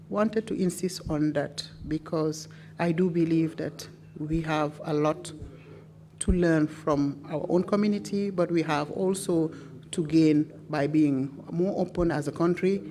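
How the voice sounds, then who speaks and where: A woman giving measured, earnest testimony at a hearing. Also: low voice, fairly even intonation, warm tone. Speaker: witness. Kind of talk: formal testimony. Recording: faint background hum.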